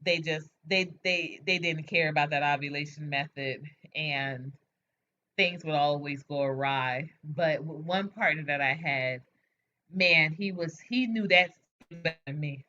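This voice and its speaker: A woman hosting a late-night livestream, chatting frankly with viewers and answering their comments in an animated way. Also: deep voice, unhurried, slight background noise. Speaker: livestream host. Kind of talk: casual chat with viewers. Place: home, at night. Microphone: webcam or phone mic. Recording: dull lo-fi livestream audio.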